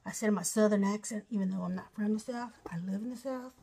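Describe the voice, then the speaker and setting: A woman's voice: mid-range voice, fast talker, vocal fry, background noise. A middle-aged woman from Ohio gives a casual, rambling show-and-tell of her craft project, with apologetic asides. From Ohio, USA. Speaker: craft vlogger.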